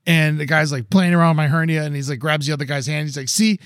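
Man, casual storyteller, profane, acts out voices, slightly high voice, dry close mic. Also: quick pace, no room sound. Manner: animated, profane, acts out quotes in raised voice. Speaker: podcast co-host.

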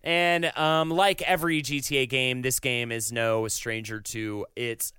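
Smooth-voiced man telling a story. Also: mid-range voice, steady tone, a little slow, sharp tone, dry recording, studio quality. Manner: profane, storytelling, reads facts aloud. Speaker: podcast co-host. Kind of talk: casual chat.

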